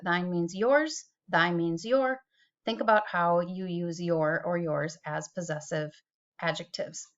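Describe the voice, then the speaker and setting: A woman's voice: fairly low pitch, fairly bright tone, highs cut off. A middle-aged woman teacher giving a chatty, self-deprecating recorded screen-share tutorial on a computer mic.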